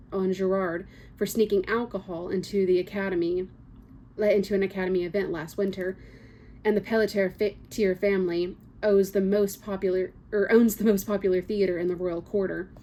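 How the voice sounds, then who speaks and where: A woman's voice: medium pitch, mellow, a little hiss or hum. A woman reading a first-person novel excerpt aloud, with small slips and casual asides. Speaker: book reader.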